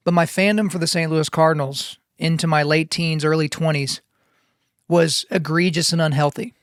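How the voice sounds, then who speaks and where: A man's voice: on the high side, fairly even intonation, normal speed, no echo. A man in his forties hosting a motivational podcast from his home studio, preachy and emphatic, repeating his key phrases. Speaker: podcast host.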